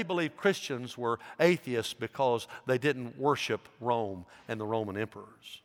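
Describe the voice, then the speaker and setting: A man's voice: mid-range voice, measured pace, hardly any pauses. A man, a pastor preaching a sermon as he tells a story, with rising emphasis. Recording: long reverb in a large hall.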